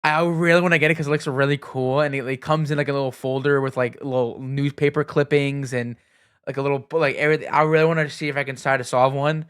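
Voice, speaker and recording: A man's voice: mid-range voice, level tone, fast, fairly bright tone, smooth, dry recording, studio quality. A young man co-hosting a podcast, telling stories in a chatty, casual way and swearing now and then. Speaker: podcast co-host. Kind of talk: casual chat.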